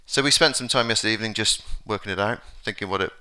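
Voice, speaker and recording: A man's voice: lowish voice, very fast, bright, forceful tone, clean tone. A middle-aged Englishman with an English accent, giving a conference talk, hesitant with many fillers and restarts. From England. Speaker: conference speaker. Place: conference hall.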